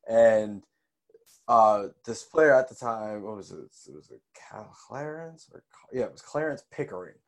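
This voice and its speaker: A man's voice: on the low side, normal speed. A man co-hosting a podcast in casual chat, hesitant and full of fillers and self-corrections. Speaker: podcast co-host.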